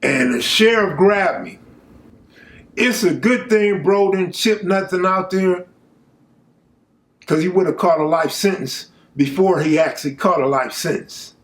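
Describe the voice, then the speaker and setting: A man telling a true story from his own life in a casual, animated way, full of street slang and asides to the viewer. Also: sits high, a little slow.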